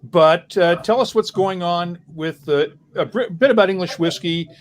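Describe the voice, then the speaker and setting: A man with a fairly high voice hosts a relaxed online tasting chat. He jokes easily and reads viewer comments aloud, heard through a video-call mic. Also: moderate pace, a little hiss or hum. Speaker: host. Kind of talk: casual webcast chat.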